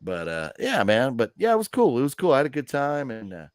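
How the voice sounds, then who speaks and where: This live movie news stream host is a man with a mid-range voice whose pitch swoops wildly as he talks briskly. His storytelling is rambling, casual and full of fillers, captured in clean studio sound with no room sound.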